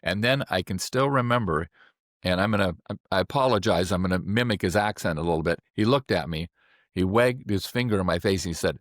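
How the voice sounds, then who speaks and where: Older man telling stories, low voice. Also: brisk, dry recording, studio quality. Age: 70s. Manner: relaxed anecdotal, acting out quoted voices. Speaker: acupuncturist. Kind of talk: personal storytelling.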